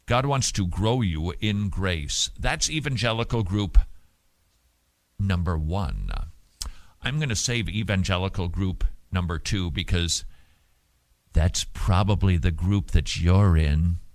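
A man's voice: sits low, slow, no room sound. A man preaching in an emphatic, punchy way, with mocking asides. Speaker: radio preacher. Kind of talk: preaching monologue.

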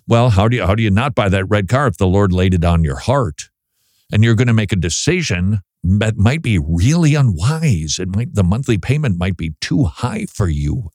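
A man's voice: fairly low pitch, lively intonation, moderate pace, darkish tone, no echo, clean studio sound. Chatty wry middle-aged male talk host. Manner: chatty, wry asides, stumbles and laughs at own jokes. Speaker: podcast host. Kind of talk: casual Christian talk show.

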